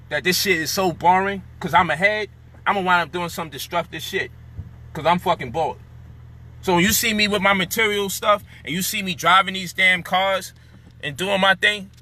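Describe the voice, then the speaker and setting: A man's voice: high-pitched, moderate pace, pushed and bright. A man delivering a frustrated, profane, lecturing rant. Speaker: commentator. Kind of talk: heated monologue rant.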